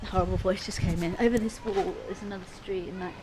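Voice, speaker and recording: Woman rambling into her phone while walking outside, mid pitch, loud street noise all around. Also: steady tone, quick pace. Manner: chatty, rambling, soft and subdued at times. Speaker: vlogger. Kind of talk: casual walking vlog. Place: outdoors on a street. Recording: noisy outdoor street.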